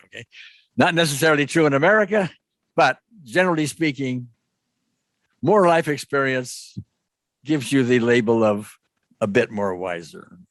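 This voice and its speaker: A man's voice: medium pitch, no room sound. A man hosting an online webinar, talking in a loose, rambling way and checking in with "okay?". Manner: rambling, restarts and asks "okay?". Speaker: webinar host. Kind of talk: casual teaching talk. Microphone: video call.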